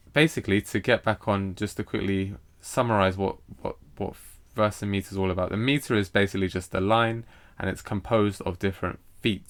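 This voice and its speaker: Very deep-voiced man teaching poetry. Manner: hesitant, lots of fillers and restarts; reads poetry lines aloud slowly with stress. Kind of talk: recorded lesson explaining a poem.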